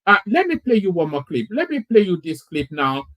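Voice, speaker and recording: A man's voice: high-pitched, very animated, fairly quick, a bit bright, muffled recording. A man from Nigeria hosting a live show, commenting on clips he plays and often stammering and repeating words. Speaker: commentator host.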